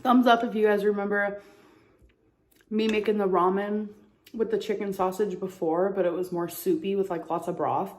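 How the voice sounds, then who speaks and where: A woman's voice: mid-range voice, fairly even intonation, normal speed. A woman vlogger with a stuffy nose, chatting casually between bites of food and breathing a little heavily. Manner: chatty, rambling, chewing between remarks. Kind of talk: casual mukbang chat while eating.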